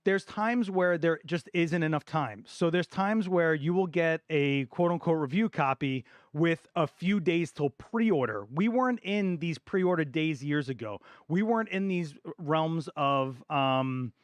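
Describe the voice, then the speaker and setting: Middle aged guy on a live camera q&a, heated and emphatic, bit hoarse, dry close mic. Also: on the high side, lively intonation, unhurried, few pauses, no echo. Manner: passionate, emphatic, repeats words for stress. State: voice getting hoarse. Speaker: photography channel host. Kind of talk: live Q&A stream, opinion rant.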